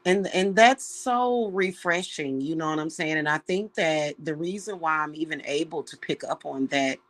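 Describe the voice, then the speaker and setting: A woman speaking as a practicing witch and spiritual reader talks to her viewers in a low voice at a moderate pace. She is earnest, emotional and close to tears, speaking casually and from the heart and often addressing them as "y'all."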